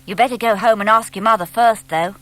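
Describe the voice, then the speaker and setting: A woman's voice: on the high side, brisk, fairly bright tone, no echo, voice pushed up, natural voice. A woman doing a jolly bossy boy scout. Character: cheerful confident young boy scout.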